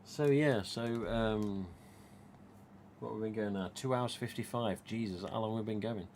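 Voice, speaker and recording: Over a noisy background, a mask collector with an East Midlands accent chats his way through a casual live stream in a lowish voice at a moderate pace. He rambles and recounts conversations as he goes.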